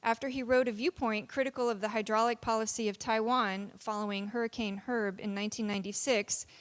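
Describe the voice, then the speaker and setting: A woman, a college dean, giving a formal introduction into an amplified microphone in a university lecture hall, chatty with light laughs and fillers. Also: mid-range voice.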